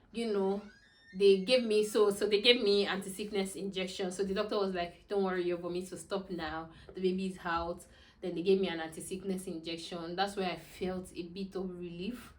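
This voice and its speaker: A woman's voice: mid-range voice, fairly bright tone. A young woman telling a personal story to camera in a casual, chatty way, full of fillers and restarts. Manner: chatty, many fillers and restarts, laughs often. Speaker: vlogger.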